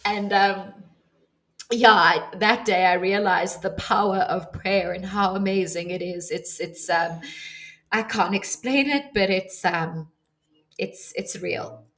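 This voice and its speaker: A woman's voice: mid-range voice, slow pace, fairly bright tone. A woman guest on a podcast, earnestly telling a personal story and giving advice, with many restarts. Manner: earnest, vivid retelling with restarts. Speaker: podcast guest, ceremony leader.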